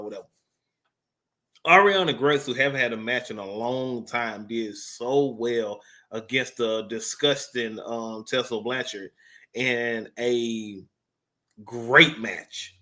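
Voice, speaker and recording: A man's voice: medium pitch, sharp tone. A man giving a casual, rambling wrestling review off the cuff, full of fillers and swearing. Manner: rambling, profane, filler-heavy.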